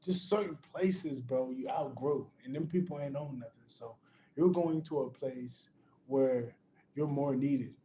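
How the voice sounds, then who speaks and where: A spiritual motivational speaker talks unhurriedly in a dark, mid-range voice, with a little hiss or hum in the recording. His casual pep talk is emphatic and repetitive; he says "bro" to the listener, often restarts phrases, and laughs between points.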